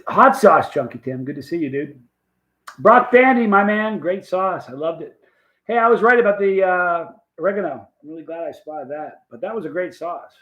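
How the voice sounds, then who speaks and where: Chatty man hosting a livestream, higher voice. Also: animated, moderate pace, a bit bright, poor audio. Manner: rambling, folksy, reads viewer comments aloud. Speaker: livestream host reading viewer chat. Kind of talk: casual chat.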